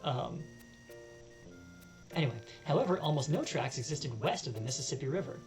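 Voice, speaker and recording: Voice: mid-range voice, lively intonation, moderate pace, over music, poor audio. A let's-play host reading game text aloud with joking asides. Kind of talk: casual game commentary.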